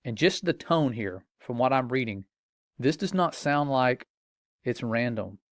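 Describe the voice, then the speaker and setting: A man's voice: medium pitch, expressive, unhurried, no echo, studio quality. A middle-aged man giving an earnest, grave Christian warning in a commentary.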